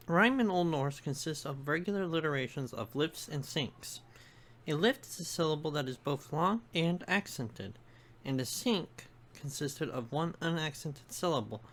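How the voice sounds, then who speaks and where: Gravelly-voiced narrator explaining step by step. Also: medium pitch. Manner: measured, explanatory, spells out examples. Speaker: video lecturer. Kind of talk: scripted educational narration.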